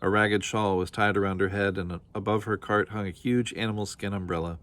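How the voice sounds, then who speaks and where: A man reading a children's storybook aloud with steady, expressive storytelling. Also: fairly low pitch, a little fast. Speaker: storybook reader.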